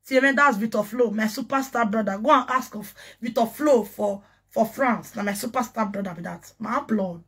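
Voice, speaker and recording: A woman from Nigeria with a Nigerian Pidgin accent, ranting excitedly on a casual livestream and breaking into chanted syllables and laughter. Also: fairly high pitch, moderate pace, slightly rough. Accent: Nigerian Pidgin English. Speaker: social media personality.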